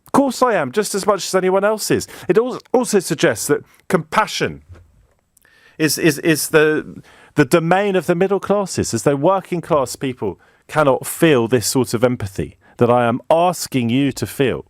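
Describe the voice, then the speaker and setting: Indignant British man, lively pitch. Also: moderate pace, no echo, clean studio sound. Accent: British English. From Britain. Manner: indignant, rhetorical, emphatic. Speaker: radio phone-in host. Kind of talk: impassioned radio monologue.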